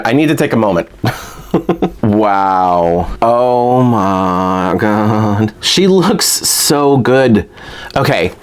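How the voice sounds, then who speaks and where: A man talking casually and excitably while unboxing a collector doll, full of fillers like "like" and "um". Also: medium pitch. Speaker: toy collector reviewing a doll.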